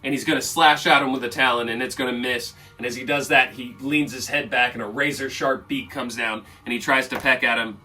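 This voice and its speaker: Guy game-mastering a fight scene, bright voice, kinda far off the mic, quiet music under. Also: medium pitch, steady tone, brisk, hardly any pauses. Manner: casual, loose narration with fillers. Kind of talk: narrating a tabletop game. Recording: distant mic with faint music.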